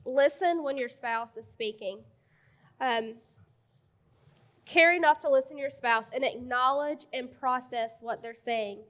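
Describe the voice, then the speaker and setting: Frank woman with a high voice. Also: measured pace, fairly bright tone. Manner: direct, frank, laughing asides. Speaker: co-presenter at a marriage conference. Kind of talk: conversational church talk.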